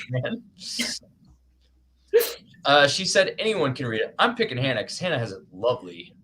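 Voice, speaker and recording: A man's voice: medium pitch, big pitch swings, normal speed, long pauses, bright, forceful tone, slight background noise. A man hosting a casual live-stream chat, rambling and self-conscious, laughing often and restarting his sentences. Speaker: host.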